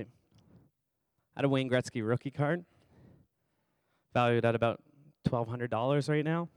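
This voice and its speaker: A man's voice: mid-range voice, clean tone, dry recording. A man preaching a sermon as pastor in a church service, chatty and conversational, quizzing the congregation by name and repeating phrases for emphasis.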